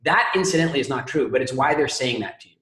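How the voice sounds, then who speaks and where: A man's voice: mid-range voice, fast talker. Man coaching with roomy echo. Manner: calm explanatory, uses analogies. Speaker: speaking coach. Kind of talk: group coaching call.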